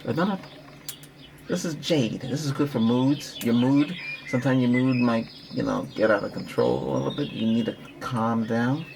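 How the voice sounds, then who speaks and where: A man who practices Reiki, giving a rambling relaxation talk with breathing guidance, repeating himself and coaching gently. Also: medium pitch, normal speed, gravelly, background noise.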